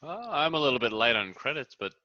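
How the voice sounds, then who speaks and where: A man's voice: medium pitch, very animated, fairly quick, sharp tone, a little hiss or hum. A man playing a tabletop game who banters in character in a blunt, playful way. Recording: dull, lo-fi dry mic.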